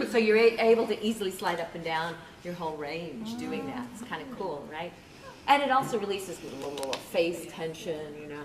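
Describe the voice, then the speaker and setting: A woman voice teacher on a convention panel, leading vocal warm-ups in a playful, animated way and laughing often. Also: medium pitch, measured pace, recorded from a distance. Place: large convention hall with audience. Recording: echoey hall, loud crowd.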